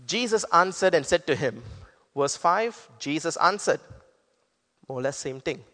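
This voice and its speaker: Male pastor, earnest explanatory sermon, slightly higher voice, reverberant hall. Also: a bit bright. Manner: earnest, explanatory preaching with scripture quotes.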